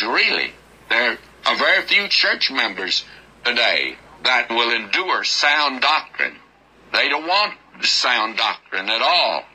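Husky folksy preacher man. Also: medium pitch, bright, forceful tone, rough recording. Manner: folksy, earnest, emphatic. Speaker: Bible teacher. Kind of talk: expository radio sermon.

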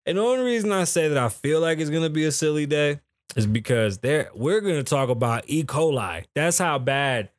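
A man's voice: lively intonation, a little fast, no echo. Joking, profane male podcast host. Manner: loose, profane and joking, with sudden pitch jumps. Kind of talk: casual podcast chat.

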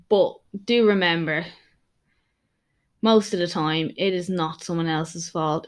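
Candid, rambling young woman podcaster. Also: on the low side. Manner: candid, rambling, with frequent restarts. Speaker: podcast host and personal trainer. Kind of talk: casual solo podcast monologue.

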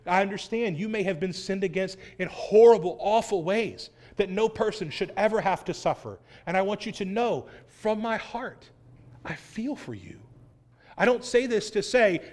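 A man preaching as pastor, earnest, with loud stresses and hushed low phrases. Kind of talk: sermon.

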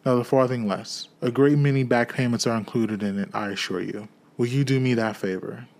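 A man voicing a joyful, humbled old miser who speaks in a low, hushed, eager way. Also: steady tone, a little fast, gravelly, lightly acted. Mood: earnest.

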